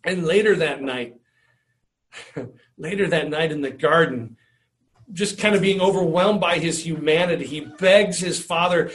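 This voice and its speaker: A man's voice: a little high, unhurried, long pauses, fairly bright tone. A man preaching a sermon in an earnest way, often repeating words and restarting his phrases. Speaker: pastor.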